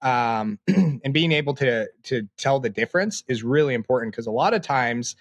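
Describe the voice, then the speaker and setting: A man in his late twenties, a podcast guest, talking in a reflective, halting way with many fillers. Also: medium pitch, animated, dry recording. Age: 20s. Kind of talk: casual interview talk.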